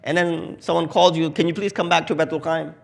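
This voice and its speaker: A man preaching a sermon in English with a South Asian accent, telling a story with acted quotes that swell loud at the peaks. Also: on the high side, fairly even intonation, fairly quick, vocal fry. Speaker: Shia preacher. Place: mosque hall.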